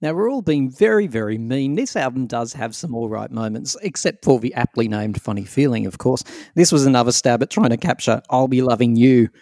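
A man's voice: medium pitch, animated, fairly quick, hardly any pauses, warm tone, no room sound. A man hosting a casual podcast chat, teasing his co-hosts in a playful, mock-scolding way. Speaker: podcast host.

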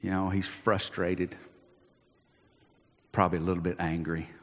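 A man, a pastor preaching a sermon, animated and acting out the Bible scenes he tells, with frequent restarts. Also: sits low, unhurried. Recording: long reverb of a large hall.

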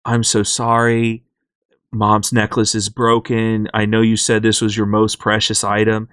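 A man's voice: lowish voice, monotone, a little slow, fairly bright tone, clean tone, dry recording, pitched below the performer's own voice. A man voicing an anxious young boy who dreads facing his father, in a worried, pleading tone, in a dry close recording. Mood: apologetic.

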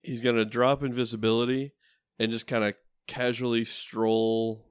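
A man's voice: mid-range voice, level tone, moderate pace, smooth, no echo. A man describes his character's turn at a tabletop game in a loose, casual ramble. The sound is dry and close. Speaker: player.

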